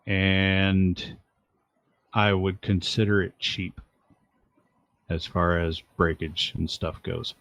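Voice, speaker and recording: A man's voice: lowish voice, no room sound. A man narrating a tabletop game as game master, in a rambling, hesitant way with fillers, recorded at home on a desk mic over voice chat.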